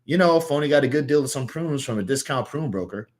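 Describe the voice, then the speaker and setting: A man's voice: mid-range voice, lively intonation, fast, natural voice. A man with a Southern US accent voicing an earnest, good-natured little male cartoon hero telling a story.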